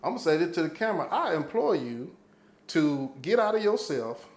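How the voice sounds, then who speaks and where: A man spins a street story in relaxed podcast talk, swearing often and voicing each person he quotes. His voice sits high, and the room around him rings with echo. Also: a little fast. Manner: profane, animated storyteller, acting out quotes. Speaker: podcast guest. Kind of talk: casual storytelling chat.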